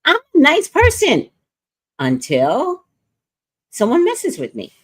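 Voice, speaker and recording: A woman's voice: high-pitched, slow pace. A woman hosting a casual livestream, telling brash, profane stories and chatting with viewers. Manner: brash, profane, animated storytelling. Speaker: livestream host and reader. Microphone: streaming setup.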